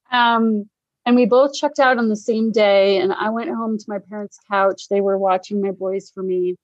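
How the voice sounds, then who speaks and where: A middle-aged woman tells a personal story in a relaxed, conversational way. She is animated and slips into the voices of the people she quotes. The recording is dull and dry. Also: medium pitch, normal speed, no echo. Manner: animated, acts out quoted voices, laughs often. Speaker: guest sharing recovery story. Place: Denver area.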